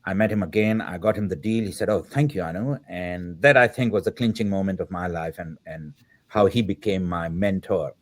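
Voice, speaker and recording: Fifties guy on a podcast, lowish voice, spinning a story and doing the quotes, some ums. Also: a little fast. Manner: acts out quoted dialogue in the telling; reflective, with filler words. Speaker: podcast guest, filmmaker. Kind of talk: anecdotal storytelling.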